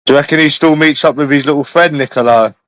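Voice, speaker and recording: A man's voice: on the high side, fast talker, a bit bright, dry recording, rough recording. A man from London with an English accent, chatting casually on a livestream, swearing constantly and addressing viewers by name. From London, England. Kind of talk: rambling casual livestream chat.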